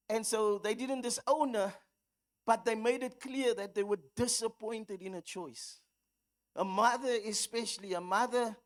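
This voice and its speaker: A South African woman preaching with a high, bright-toned voice. She tells stories at an easy pace, then rises into fervent repetition and calls to the congregation. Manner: storytelling, rising into fervent exhortation. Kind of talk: sermon.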